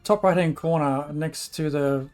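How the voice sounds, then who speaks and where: Man game master, slightly higher voice. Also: unhurried, darkish tone. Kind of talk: running a tabletop game over an online call.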